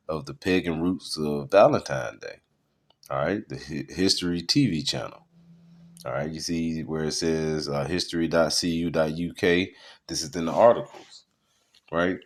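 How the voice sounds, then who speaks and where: A man teaching in a loose sermon style, rambling through web articles with many fillers. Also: low-pitched. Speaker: preacher.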